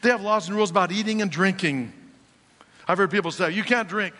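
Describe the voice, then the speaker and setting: Bright-voiced pastor preaching in a hall. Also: male voice, high-pitched, fast. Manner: direct, challenging, asks the crowd rhetorical questions. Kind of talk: sermon. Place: church sanctuary. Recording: long reverb of a church hall.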